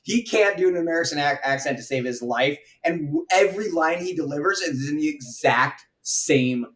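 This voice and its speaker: A man co-hosting a casual film review podcast, speaking haltingly with many fillers. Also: a little high, animated, fairly bright tone, distant mic. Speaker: podcast co-host.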